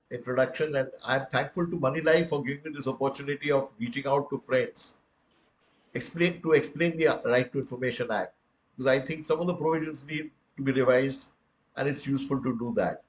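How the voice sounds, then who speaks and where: A man's voice: mid-range voice, brisk, slight background noise, low-quality recording. Earnest older Indian man lecturing. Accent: Indian English. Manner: earnest, rhetorical, addresses listeners as friends. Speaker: guest speaker. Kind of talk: public lecture.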